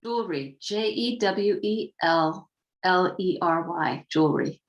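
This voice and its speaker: A woman competing in a spelling bee on a video call, spelling slowly and carefully. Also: on the low side, animated, highs cut off.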